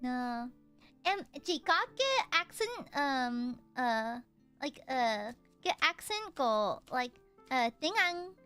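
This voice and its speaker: A young American woman talks casually on stream, her high voice bright and animated as it swings up and down. She drifts between English and Vietnamese and laughs often. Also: slow pace, smooth, soft background music. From United States. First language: Vietnamese heritage speaker. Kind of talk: casual chat while painting miniatures.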